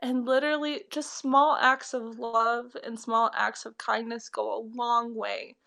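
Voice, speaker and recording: A young woman, a spiritual reader, crying as she speaks warmly and earnestly to viewers on a live stream. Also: fairly high pitch, level tone, unhurried, gravelly. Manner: tearful, heartfelt, affectionate.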